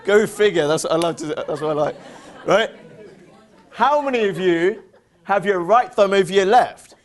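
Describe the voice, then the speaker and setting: An English-accented man leads a lively motivational seminar in a high, bright voice. He keeps firing yes-or-no questions at the crowd and slips in teasing jokes. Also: moderate pace. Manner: upbeat, drills the crowd with call-and-response questions. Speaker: seminar presenter. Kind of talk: interactive motivational seminar talk.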